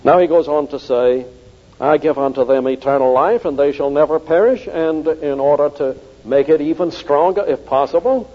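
Emphatic preacher in an echoing hall. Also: male voice, on the high side, moderate pace. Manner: emphatic, repeats key phrases for stress. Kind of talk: sermon. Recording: dull old recording in a reverberant hall.

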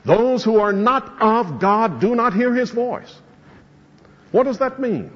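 A man's voice: very high-pitched, sing-song, slow pace. A man preaching an expository sermon, reading scripture verses and explaining them with rising emphasis. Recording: muffled hall recording with long reverb.

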